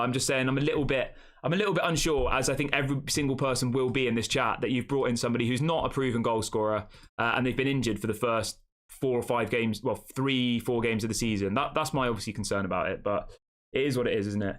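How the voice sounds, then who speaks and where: Chatty fan show host. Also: male voice, medium pitch, fast, a bit bright. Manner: chatty, reads out viewer comments and answers them. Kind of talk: casual live-stream chat.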